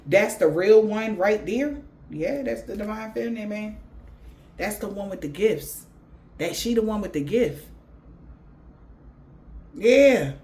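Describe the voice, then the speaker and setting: A woman's voice: medium pitch, takes it slowly, pauses often. Profane slangy woman giving a reading. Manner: blunt, profane, slangy, animated. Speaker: tarot reader. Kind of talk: spiritual reading monologue.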